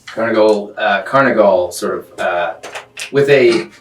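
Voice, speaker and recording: A man narrating a tabletop game as game master. He describes scenes at length, often pausing on ums and uhs. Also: on the low side. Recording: roomy, distant mic, faint music.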